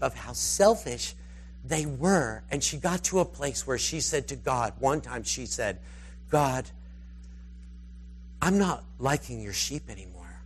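A man preaching, telling a rambling, animated story and slipping into the voices of its characters. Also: medium pitch, a little hiss or hum. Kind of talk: storytelling sermon.

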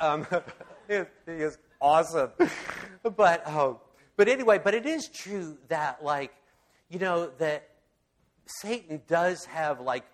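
A man giving a casual, rambling Bible talk, enthusiastic and full of fillers and restarts. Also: a little high. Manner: enthusiastic storyteller.

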